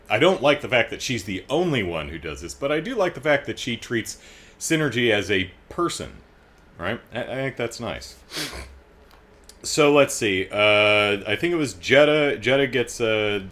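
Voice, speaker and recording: Low-voiced middle-aged man, chatty commentary. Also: fairly bright tone. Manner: chatty, with frequent fillers and restarts; amused, wry asides. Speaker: host reading and discussing comics. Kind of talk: casual spoken commentary.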